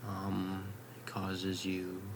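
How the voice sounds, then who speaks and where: A young man vlogging in a late-night ramble at home, swearing casually and drifting into soft half-whispers. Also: low-pitched, monotone, very slow, background noise.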